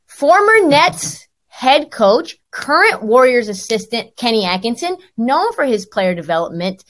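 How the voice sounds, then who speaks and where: A woman hosting a sports podcast, hoarse from laryngitis, telling stories in a chatty, self-deprecating way. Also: a little high, very animated, unhurried, a bit bright. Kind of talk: casual sports talk.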